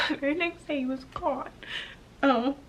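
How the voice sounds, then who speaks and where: A young adult woman telling a painful personal story to camera, halting and emotional, with pauses and restarts. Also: sits high, bright, forceful tone. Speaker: vlogger.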